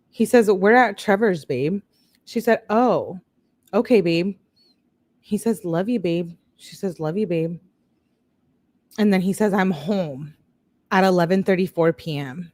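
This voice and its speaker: A woman with a somewhat low voice reads text messages aloud in a relaxed, conversational way. She keeps breaking off to react and talk straight to her viewers, like a chatty true-crime host. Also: a little slow, long pauses, dry recording. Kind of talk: casual commentary reading text messages aloud.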